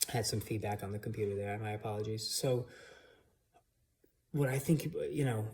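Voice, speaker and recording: A man's voice: fairly low pitch, normal speed, a little mellow, slight background noise. Opinionated man talking fantasy football. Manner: opinionated, frequent restarts and fillers. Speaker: fantasy football analyst, channel host. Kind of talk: casual solo commentary. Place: home computer setup.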